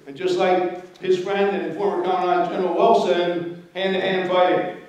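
A man's voice: high voice, flat delivery, moderate pace, a little mellow, lo-fi sound. An older man giving a storytelling history lecture, conversational, often checking in with his audience. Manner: storytelling, conversational, asks okay. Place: lecture hall. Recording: very echoey hall from far off.

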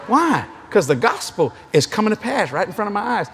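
A middle-aged man preaching a sermon at a convention, an animated, joking storyteller. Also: high-pitched, quick pace, slight background noise.

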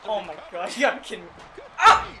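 A man playing a wrestling video game with a friend, shouting at the screen and groaning when things go wrong. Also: sits high, big pitch swings, quick pace. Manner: yelling at the game, frequent groans and laughs. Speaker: gameplay video host. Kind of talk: excited co-op gameplay commentary. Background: game crowd noise.

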